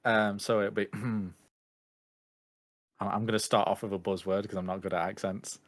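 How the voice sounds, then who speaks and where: A man's voice: fairly low pitch, little pitch movement, moderate pace. A male actor appearing as a guest in a casual chat, easygoing and modest.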